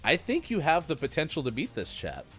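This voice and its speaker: An upbeat man co-hosts a live gaming morning show and rattles off player standings. His pitch climbs and dips all over the place. Faint music plays underneath. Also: huge pitch swings, a little fast. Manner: upbeat announcer reading scores. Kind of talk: live-stream game commentary.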